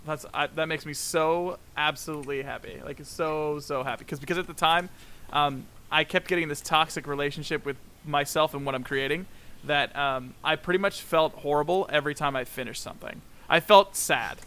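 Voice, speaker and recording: A man in a relaxed podcast conversation with a bright, forceful voice pitched a little high. He tells stories with lots of energy, laughs often and acts out the back-and-forth of past conversations. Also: brisk, clear, resonant tone. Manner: animated storyteller, laughs often, acts out quoted exchanges. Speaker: guest animator. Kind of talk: casual podcast chat.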